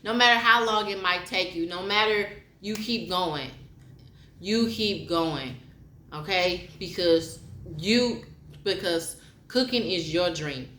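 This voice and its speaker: A woman's voice: on the low side, slow pace, pushed and bright, slight background noise. A woman vlogger speaking frankly, reading a poem and then giving a repetitive, heartfelt pep talk. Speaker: motivational vlogger. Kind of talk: frank personal monologue with spoken poetry. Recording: roomy echo.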